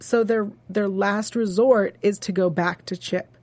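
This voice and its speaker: A woman's voice: medium pitch, steady tone, darkish tone, dry recording. Chatty woman co-host, dry studio sound. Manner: chatty, halting with many fillers and restarts. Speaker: co-host of a TV after-show. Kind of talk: casual chat recapping an episode.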